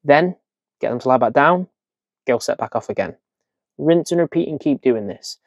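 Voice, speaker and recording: A man talks owners through dog training in a chatty, direct coaching manner. His voice sits at a middle pitch and the recording is dry and close, with no room sound. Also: animated, moderate pace, no room sound, muffled recording. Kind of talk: instructional video lesson.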